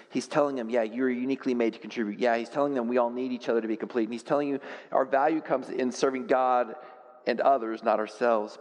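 A man preaching a sermon as pastor, telling stories with self-deprecating humor and swinging from quiet reflection to loud, animated outbursts. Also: mid-range voice, long reverb tail.

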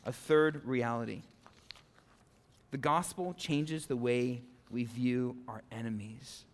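A male pastor preaching a conversational sermon, animated, with frequent "okay?" and "right?" asides to the congregation. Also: medium pitch, takes it slowly, big-room sound. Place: church sanctuary.

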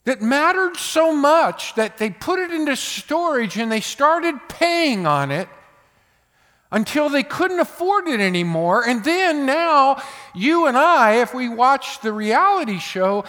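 An older man preaching a sermon as pastor, emphatic, swinging between loud bursts and hushed asides. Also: very high-pitched, sing-song, measured pace, big-room sound.

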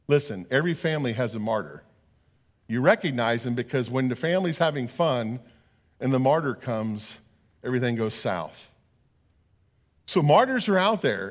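A middle-aged man preaching a sermon as pastor, earnest and often repeating words as he talks. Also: medium pitch.

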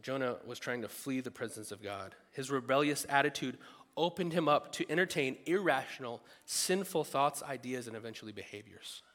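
A man preaching a sermon in a lively, animated way, breaking into loud bursts when he acts out what people think. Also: mid-range voice, normal speed, long reverb tail. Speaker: pastor.

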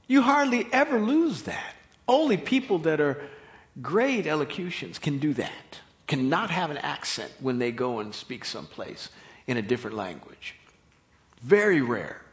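A man with an American accent preaching a sermon in an emphatic, expressive delivery. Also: fairly high pitch, moderate pace.

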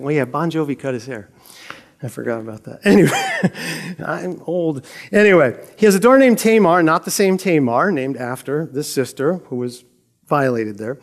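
A middle-aged man teaching a Bible story in a casual, conversational way, joking and laughing as he retells it. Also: a little high. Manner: conversational, jokey, laughs often.

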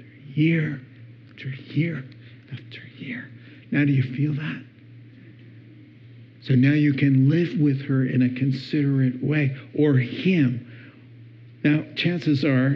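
Slow-talking pastor man, dull recording. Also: mid-range voice. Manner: playful, acts out spouses' words with laughter. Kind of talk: sermon. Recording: dull lo-fi sound.

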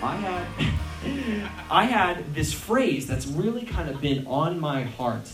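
A man preaching a casual, animated sermon and acting out other people's voices. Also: fairly high pitch, slow pace, over music. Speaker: pastor. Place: church hall. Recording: echoey church hall from far off, faint hiss.

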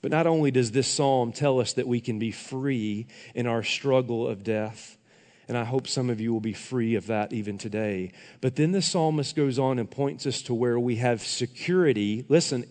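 A man delivers a sermon as pastor, earnest and emphatic, often turning to ask his listeners questions. His voice sits at an ordinary middle pitch. The recording carries a long reverb, as in a large hall. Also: normal speed, darkish tone. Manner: earnest, emphatic preaching that addresses the congregation directly.

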